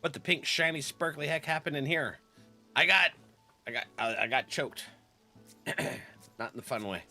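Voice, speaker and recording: Brief: male game streamer, bright forceful tone, chatty, laughs a lot, faint music underneath. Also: on the high side, animated, normal speed, pauses often. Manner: chatty, laughs often, clears throat. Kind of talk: casual live-stream chat.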